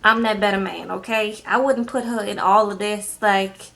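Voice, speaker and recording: A doting male friend coos soft sympathy, mimicked by a woman in her own voice. His manner is soothing. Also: mid-range voice, steady tone, normal speed, creaky. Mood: cooing.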